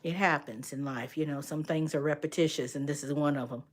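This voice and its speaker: An older woman, a grandmother and art instructor, chatting casually on a livestream, talking to viewers by name and retelling stories with lively energy. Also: sits low, fairly quick.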